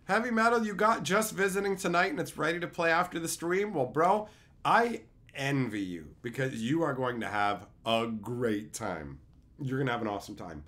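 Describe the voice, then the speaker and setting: A man's voice: medium pitch, expressive, moderate pace, fairly bright tone. A man streaming live, chatting casually with his chat and ranting with repeated, profane phrases. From Canada.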